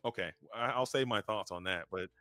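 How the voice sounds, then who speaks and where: A man casting a live trading card game match in a quick, chatty way, joking between plays and restarting his sentences. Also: lowish voice, bright, forceful tone, no echo, clean studio sound, faint music behind. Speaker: caster.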